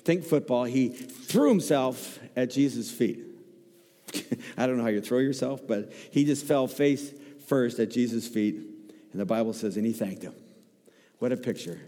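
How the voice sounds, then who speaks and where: A man's voice: medium pitch, measured pace. A man preaching a sermon with humor, acting out voices as he tells a story in church. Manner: animated, joking storyteller, acts out voices. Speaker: guest preacher. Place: church sanctuary. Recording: long hall reverb.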